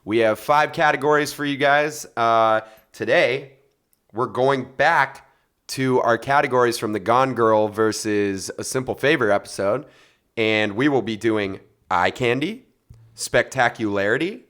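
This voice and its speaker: A man's voice: medium pitch, measured pace, a bit bright. A man co-hosting a casual film podcast, summarizing plots with frequent laughs. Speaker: podcast co-host. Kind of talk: casual chat.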